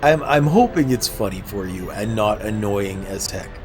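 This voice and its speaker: A man's voice: lowish voice, expressive, moderate pace. A man streaming a game, chatting casually and self-deprecatingly with viewers while nursing a sore throat. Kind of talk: casual gameplay livestream chat.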